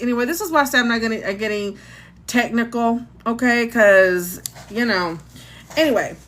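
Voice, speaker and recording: Chatty high-voiced woman livestreamer. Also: fairly bright tone. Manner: chatty, answers chat comments, restarts and fillers. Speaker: livestream host. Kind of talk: casual live chat about astrology and gossip.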